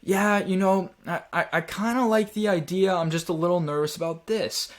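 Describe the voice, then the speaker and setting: A man playing a hesitant male sales prospect who is nervous about the cost, speaking in a halting way. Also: fairly high pitch, close to an everyday voice.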